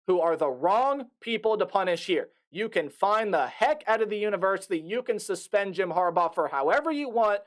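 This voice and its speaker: Young male college-age vlogger with a high-pitched voice, animated and stumbling over fillers, talking into a desktop mic. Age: young adult. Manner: animated, repeats himself, many fillers and restarts. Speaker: sports vlogger. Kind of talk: casual commentary. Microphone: desktop USB mic.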